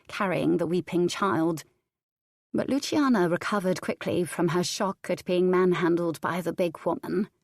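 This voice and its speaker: A woman with a fairly low voice narrates a historical romance audiobook in a measured, even manner. She is recorded close and dry in a booth. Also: no echo. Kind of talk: scripted narration.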